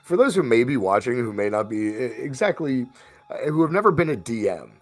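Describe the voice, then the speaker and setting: A man's voice: medium pitch, sing-song, fairly quick, a loud crowd. A man game master recapping the last session of a tabletop game, rambling with fillers and restarts.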